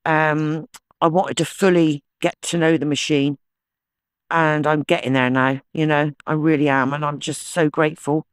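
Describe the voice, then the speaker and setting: A keen, talkative man narrates his finds in a hillside farm field, muttering to himself between digs. His voice sits a little high, and it sounds dry and close. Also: flat delivery, moderate pace, clean tone, dry recording. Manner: chatty, enthusiastic, talks to himself while digging. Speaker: metal detecting channel host. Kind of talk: casual outdoor vlog chat. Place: sloping farm field outdoors.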